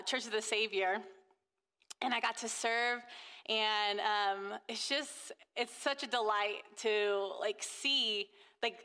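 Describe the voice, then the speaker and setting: A woman's voice: a little high, bright, forceful tone, smooth, in a large hall. A woman sharing a casual faith testimony about being a mother. She gushes and fills her talk with restarts and fillers. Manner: gushing, full of fillers and restarts.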